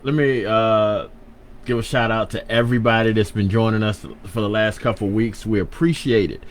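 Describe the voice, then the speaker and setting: A man's voice: on the low side, fairly even intonation, normal speed. A man from hosting a casual radio show, playful and self-correcting as he hypes the listeners.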